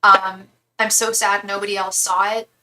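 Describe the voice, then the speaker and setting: A woman's voice: mid-range voice, level tone, moderate pace, background noise. A young woman doing a live tarot reading, chatty and candid, swearing freely and restarting her sentences often. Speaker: tarot reader.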